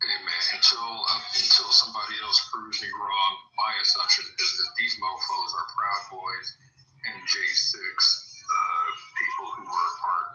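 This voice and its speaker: A man's voice: lowish voice, wildly swooping pitch, normal speed, sharp tone. A man in a casual podcast chat, talking emphatically and slangily. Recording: distant, dull, echoey.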